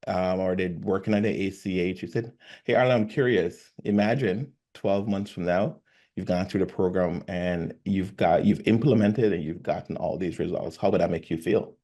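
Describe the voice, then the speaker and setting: A man with a low voice talks casually about closing sales. He acts out both sides of a call as he explains it. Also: normal speed. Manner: animated, acts out sales calls. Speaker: sales coach. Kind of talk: casual conversation.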